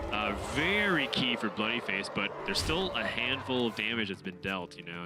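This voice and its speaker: Man, esports commentator, lower voice, analytical, music bed behind. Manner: analytical, joking asides. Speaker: esports caster. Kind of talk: play-by-play commentary.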